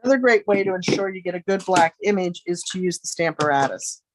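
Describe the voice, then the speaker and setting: Working through a craft tutorial in her home studio, a middle-aged woman talks fast with lively intonation in a fairly low voice, chatting and thinking aloud with friendly asides. There's a little hiss or hum.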